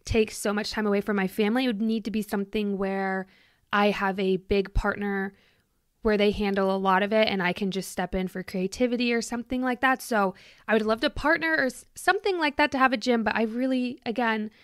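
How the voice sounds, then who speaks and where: A woman in her late twenties hosts a podcast, speaking close to the mic in a casual, reflective monologue. Her medium-pitched voice is clean and fairly even, moving a little fast with no room sound. She's chatty and heartfelt, saying "like" a lot and gushing with thanks.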